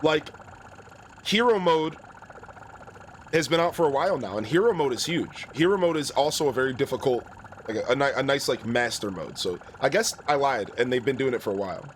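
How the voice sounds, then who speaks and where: A man's voice: medium pitch, expressive, fairly quick, slight background noise. A young man streaming a video game, chatting in a rambling, casual way and greeting viewers. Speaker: gaming streamer. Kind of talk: let's play commentary.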